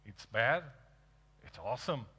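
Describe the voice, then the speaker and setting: A man in his thirties with a Portuguese accent, speaking English as a second language, tells stories on a stage. His voice is bright and forward, and he acts out the people he quotes. The sound rings out with a long reverb from a large hall. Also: medium pitch, unhurried, slightly rough. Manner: animated, acts out quoted dialogue. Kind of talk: storytelling keynote talk.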